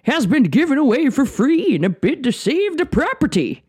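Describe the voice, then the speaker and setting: A woman's voice: sits high, very animated, darkish tone. A woman co-hosting a casual chat podcast, reading news stories aloud with jokes and frequent laughter. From Minnesota. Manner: jokey, laughs often, slow deliberate reading.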